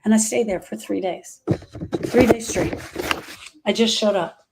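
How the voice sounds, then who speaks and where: A woman's voice: mid-range voice, measured pace, gravelly, heavy background noise. A woman grief specialist talking live to her viewers, giving emphatic, repetitive, direct advice.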